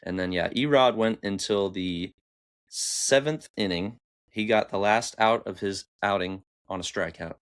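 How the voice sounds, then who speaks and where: A man hosting a sports podcast, telling a game recap in an excitable, animated storytelling way. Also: lowish voice, unhurried, smooth. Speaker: podcast host. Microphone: camera on upper body, desk mic.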